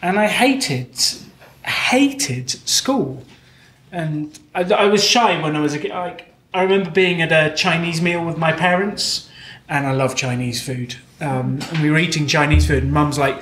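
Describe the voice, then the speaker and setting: A man's voice: fairly high pitch, animated, moderate pace, fairly bright tone, a little hiss or hum. A man with a British accent telling candid, self-deprecating stories as a guest speaker at a live Q&A. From Britain. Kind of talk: live Q&A storytelling. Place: event hall with audience. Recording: echoey live venue.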